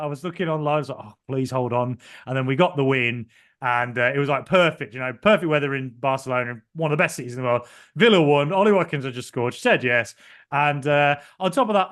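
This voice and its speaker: Young guy rambling through a story, lots of uhs, kinda high voice. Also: a bit bright. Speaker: podcast co-host. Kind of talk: casual podcast chat.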